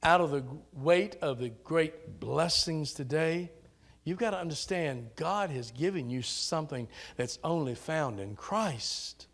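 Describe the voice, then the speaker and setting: A man's voice: fairly high pitch, expressive, unhurried. A man preaching a sermon in a church with a Southern American accent, rousing and calling out to the congregation. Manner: rousing preacher, rising to shouts on key lines. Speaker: pastor. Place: church sanctuary.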